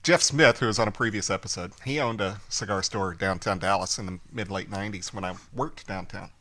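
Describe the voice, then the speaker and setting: Bright-voiced male podcast co-host. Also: fairly low pitch, a little fast. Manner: storytelling with acted quotes and laughter. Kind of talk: casual chat.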